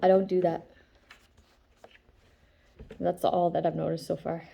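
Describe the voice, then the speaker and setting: A woman's voice: lowish voice, little pitch movement, unhurried, vocal fry, warm tone. A woman with a stuffed-up nose giving a casual tarot reading, chatty and full of fillers, often checking in with "okay?" and now and then reading passages aloud. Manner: chatty, filler-heavy, keeps asking "okay?", laughs often. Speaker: tarot reader. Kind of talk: casual spiritual chat with read-aloud passages.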